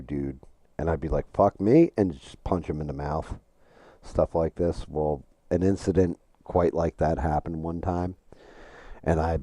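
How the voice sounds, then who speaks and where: A middle-aged man with an extremely low, dark voice, chatting on a live game stream. He swears often and tells long, rambling stories full of restarts. The sound is dry and close. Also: dry recording. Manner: profane, storytelling, rambling with restarts. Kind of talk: casual live-stream chat while gaming.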